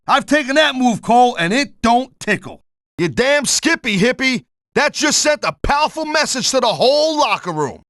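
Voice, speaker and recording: High bright-voiced guy, gruff wisecracking wrestling color commentary, dry close mic, lively delivery. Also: moderate pace, no echo. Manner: gruff tough-guy slang, blunt and wisecracking. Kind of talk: pro wrestling video game commentary.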